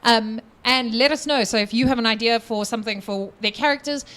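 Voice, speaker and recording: A woman from South Africa hosts a tabletop game stream as game master, talking casually to viewers. She is chatty and quick to joke. Her voice sits a little higher than most. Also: fairly bright tone. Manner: chatty, laughing, joking.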